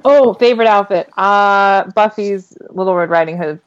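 A woman's voice: mid-range voice, moderate pace. Giggly woman retelling scenes, lo-fi. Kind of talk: casual fan chat.

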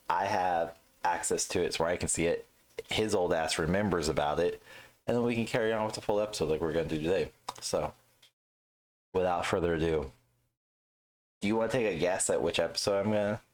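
A man co-hosting a podcast in casual chat, blunt and teasing, swearing freely. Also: deep voice. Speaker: podcast co-host.

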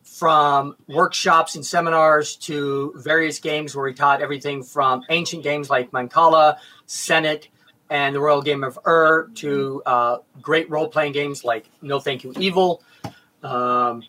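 Fifties man, organizer, slightly high and bright, explains at length. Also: a little slow. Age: 50s. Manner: explains in long lists, steady. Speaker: role-playing program organizer and teacher. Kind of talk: casual interview chat.

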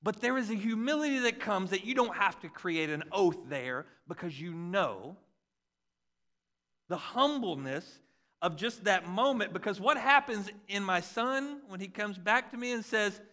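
Bright, lively man in his forties preaching. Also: high-pitched, unhurried. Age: 40s. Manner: conversational and animated, jokes about parenting. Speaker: pastor. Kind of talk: sermon.

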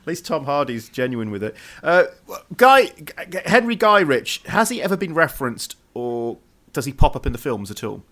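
A man co-hosting a podcast in relaxed chat. He drops jokey asides, sometimes stumbles over names, and then reads the plot summary aloud. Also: on the high side. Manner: joking, quick asides. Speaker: podcast co-host. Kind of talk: casual chat.

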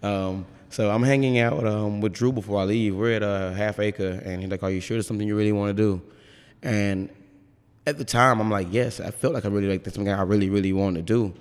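A man's voice: fairly low pitch, fairly even intonation, fairly quick, clear, resonant tone, long reverb tail. A man brewer chatting casually in an interview, rambling and frank, swearing freely.

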